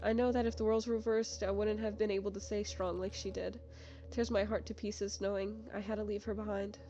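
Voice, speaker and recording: A woman's voice: mid-range voice, level tone, brisk, mellow, dull audio, lightly acted. A woman voicing a grieving woman soul who adores her sister in a game, tender and earnest, with game music behind.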